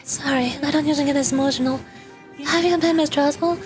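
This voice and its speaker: A young woman vtuber streamer plays a game and reads every character's dialogue aloud, dropping in casual asides. Her voice is high-pitched and fast, with fairly even intonation, and game music plays behind her.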